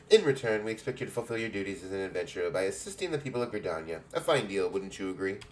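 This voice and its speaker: A man's voice: lowish voice, sing-song, quick pace, darkish tone, voice pushed up. A man voicing a stately, motherly woman who heads an adventurers' guild, in a put-on English accent and grand, old-fashioned speech while reading game dialogue aloud.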